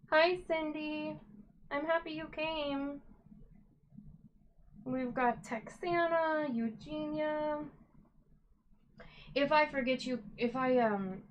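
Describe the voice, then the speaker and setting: A woman's voice: high-pitched, fairly even intonation, slow pace, pauses often, rough recording. A woman hosting a casual live stream from home, chatting and greeting viewers by name while she dyes yarn. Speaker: livestream host dyeing yarn.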